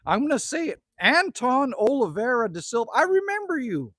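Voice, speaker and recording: A man's voice: extremely high pitch, sing-song, moderate pace, fairly bright tone, no room sound. A middle-aged man from Canada hosting a casual live stream outdoors at his rural cabin, ranting, joking and greeting viewers by name. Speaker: livestream host.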